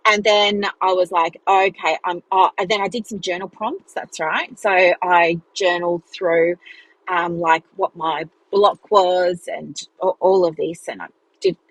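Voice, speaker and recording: A woman's voice: on the low side, steady tone, measured pace, dry recording, poor audio. A woman telling a personal story in a chatty podcast monologue, acting out the dialogue with big jumps in her voice. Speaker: business mentor and podcast host.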